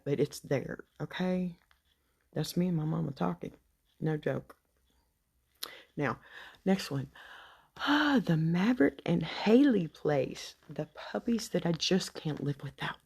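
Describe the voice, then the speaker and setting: An older woman with a Texas drawl talks off the cuff to her followers, rambling and folksy, now and then sinking into a soft whisper. Her voice sits low and gravelly, with a mellow, husky edge. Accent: Texan. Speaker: vlogger. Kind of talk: unscripted chat to subscribers.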